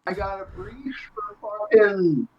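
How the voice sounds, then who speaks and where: High-voiced man swearing through a story. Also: measured pace, husky, dull audio. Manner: rambling, profane, animated retelling. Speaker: guest. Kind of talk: casual storytelling chat.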